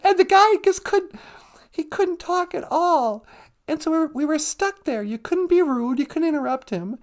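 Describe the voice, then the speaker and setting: A woman co-host telling an anecdote in a giggly, animated way. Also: high voice, normal speed.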